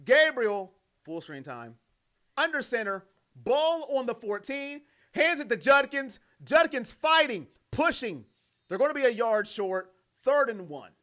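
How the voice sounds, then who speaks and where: A young man with a high, bright voice calls a football game play by play as an excited fan. He rattles off formations and handoffs, then jumps into jokey, animated asides. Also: unhurried. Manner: animated, jokey, mimics players in quoted voices. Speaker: fan commentator.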